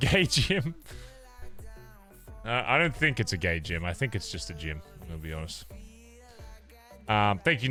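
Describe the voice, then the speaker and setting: A young Australian man with an Australian accent, chatting casually and swearing as he rants playfully to his stream viewers. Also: medium pitch. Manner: animated, swearing, ranting playfully. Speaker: livestreamer.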